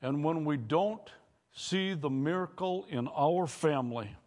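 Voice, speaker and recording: A man's voice: on the high side, expressive, measured pace, a little mellow. A male pastor preaching a sermon in church, addressing the congregation directly and questioning them. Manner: preaching with call-and-response to congregation.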